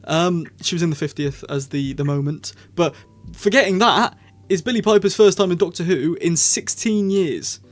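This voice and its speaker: Male reviewer, slightly high voice, chatty and rambling, self-correcting as he goes. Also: normal speed. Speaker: video reviewer. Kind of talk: casual spoken review.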